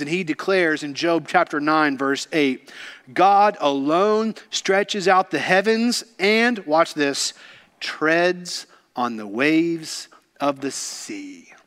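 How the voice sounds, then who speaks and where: A man preaching a sermon, swinging from loud exclamations to hushed whispers with slow, deliberate emphasis. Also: on the high side. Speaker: pastor.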